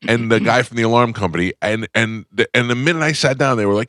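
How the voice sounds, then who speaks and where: A man's voice: mid-range voice, quick pace, fairly bright tone, dry recording, studio quality. A man hosting a radio talk show, telling a long story in casual chat and acting out the quoted voices of others.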